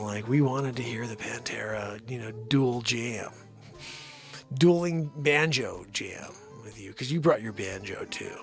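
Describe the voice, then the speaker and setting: Gravelly rambling male live-stream host. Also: mid-range voice. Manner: rambling, scolds his dogs, shouts out viewers. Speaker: host of a daily live comedy show.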